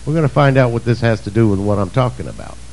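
A male preacher delivering a sermon, emphatic and swinging between shouts and low asides. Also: expressive, fast talker, slight background noise, poor audio.

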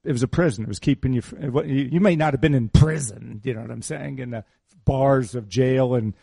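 A man's voice: mid-range voice, fairly quick, gravelly, dark tone, breathy edge, no echo, studio quality. A middle-aged man preaching a sermon in a conversational, teasing way, repeating his key phrases. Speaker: pastor.

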